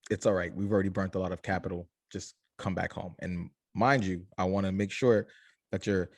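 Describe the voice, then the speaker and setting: A young adult man, a company founder, telling his story in an interview, animated and acting out family voices. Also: deep voice, a little fast, no room sound.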